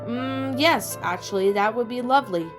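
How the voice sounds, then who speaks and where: A woman's voice: fairly high pitch, normal speed, music in the background, pitched above the performer's own voice, close to an everyday voice. A woman voicing a refined pony mare dressmaker in an audiobook reading, prim and sputtering with flustered politeness. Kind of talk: audiobook character voice.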